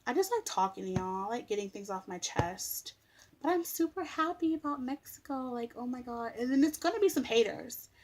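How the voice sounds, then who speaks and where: A woman's voice: on the high side, sing-song, brisk, hardly any pauses, background noise. A woman vlogger in casual chat to camera, rambling with lots of filler words. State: sleepy.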